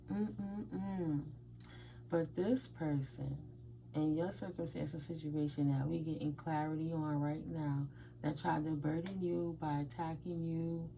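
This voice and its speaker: A woman's voice: deep voice, gravelly, mellow, a little hiss or hum, rough recording. A woman from the United States doing a casual tarot reading and telling stories, blunt and emphatic, with Spanish words mixed in. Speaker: tarot reader.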